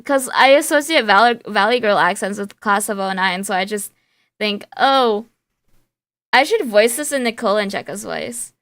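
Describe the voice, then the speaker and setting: A woman's voice: mid-range voice, lively intonation, moderate pace, a bit bright, no echo, clean studio sound. A young woman streaming a game, chatting playfully and reading the game's dialogue aloud with a light valley girl lilt.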